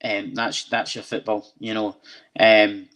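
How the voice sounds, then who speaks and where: A man hosting a casual fan podcast, talking in a low, fairly monotone voice. He wanders through his points with frequent ums and false starts. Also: unhurried. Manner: rambling, many ums and restarts. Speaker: podcast host.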